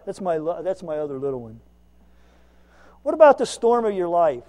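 A man with a notably high voice delivers a sermon as a lay preacher. His talk is folksy and self-mocking. He swings between loud, emphatic lines and quiet asides. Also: very animated, moderate pace.

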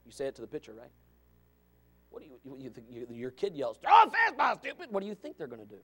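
A male pastor preaching a fiery sermon, swinging from shouts to low asides. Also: expressive, fast, creaky, slightly rough.

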